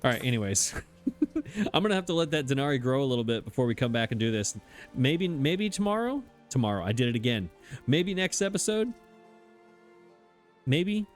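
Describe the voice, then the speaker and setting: A man's voice: mid-range voice, sing-song, moderate pace, pauses often, soft background music. A man giving casual, self-mocking commentary as he plays a game, chatting and laughing at himself as he goes. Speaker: let's play host.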